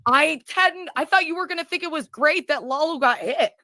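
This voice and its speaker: A woman's voice: high-pitched, normal speed, sharp tone, no room sound, studio quality. A woman arguing on a stream clip, defensive and exasperated. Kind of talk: heated stream argument.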